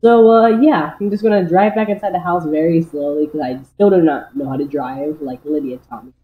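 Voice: medium pitch, a little fast, echoey room, phone-quality sound, slight background noise. A young creator voicing a homemade cartoon, talking in a rambling, hesitant way with many fillers. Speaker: creator voicing all characters. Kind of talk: amateur cartoon voice-over.

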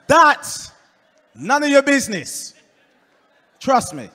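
A man with an Essex accent doing a stand-up comedy set, delivering deadpan punchlines and working the crowd. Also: very high-pitched, measured pace, pauses often. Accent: Essex English. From England. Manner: deadpan punchlines, crowd work, puts on voices for quoted people. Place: comedy club stage before a live audience. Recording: live club room with long reverb.

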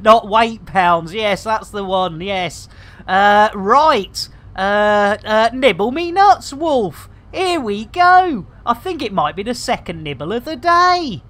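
A man's voice: high-pitched, fairly bright tone, slight background noise. A middle-aged British man giving chatty, exclamatory commentary on a live game stream, full of playful catchphrases. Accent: British English. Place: home room with air conditioning.

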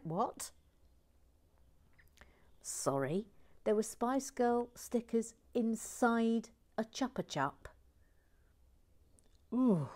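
Woman host, unhurried live-build chat, dry humour, soft murmured asides. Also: on the high side, sing-song. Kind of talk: relaxed live building stream with chat reading.

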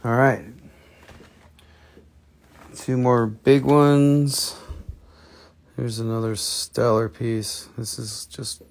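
A man's voice: mid-range voice, flat delivery, drawn-out words, gravelly, long pauses, a little mellow. A man hosting a live online sale, talking casually and enthusiastically, rambling and swearing now and then. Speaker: host selling rocks and minerals on a live stream. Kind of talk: casual live sales chat.

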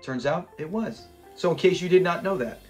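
High-voiced man chatting casually. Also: expressive, moderate pace, soft background music. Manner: chatty, laughs often, retells scenes. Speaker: host of a classic TV review channel. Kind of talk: casual episode breakdown.

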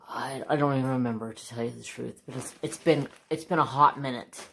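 A woman with a rumbling low, gravelly, slightly bright voice talks briskly with fairly even intonation. At home, she hosts a casual craft unboxing vlog, repeatedly gushing and exclaiming while chatting with her dog.

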